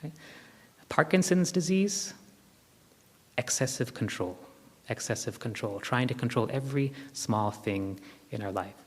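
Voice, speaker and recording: A man's voice: mid-range voice, animated, a little slow, long pauses, husky. Man giving a spiritual talk in a reverberant hall. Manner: earnest, repetitive, addresses listeners directly. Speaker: spiritual retreat speaker. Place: retreat hall.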